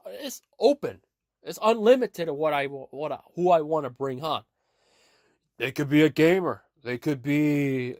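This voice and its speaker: An earnest male podcast host speaks in a slightly higher than usual voice, rambling through motivational points. He repeats himself and restarts his sentences often, and the sound is dry and close to the mic. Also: darkish tone, no echo. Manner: earnest, repetitive, with frequent restarts.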